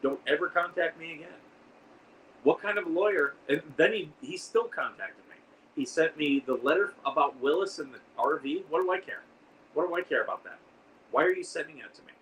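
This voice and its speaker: A man's voice: fairly high pitch, lively intonation, brisk, fairly bright tone. Man chatting on a livestream. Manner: rambling, reads and answers viewer comments. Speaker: livestream host. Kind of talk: casual livestream chat. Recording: distant mic with faint background noise.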